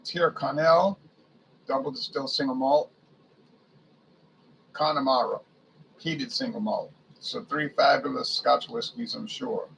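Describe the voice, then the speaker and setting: A man's voice: mid-range voice, a little slow, vocal fry, long pauses, a bit bright, a little hiss or hum, poor audio. A man casually reading a liquor list aloud, musing to himself and stumbling over foreign names. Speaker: beer and spirits reviewer.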